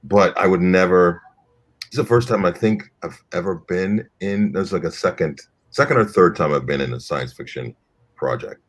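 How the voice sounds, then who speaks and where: A male actor speaking in a panel discussion, halting and searching for words as he talks. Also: low-pitched, slightly rough.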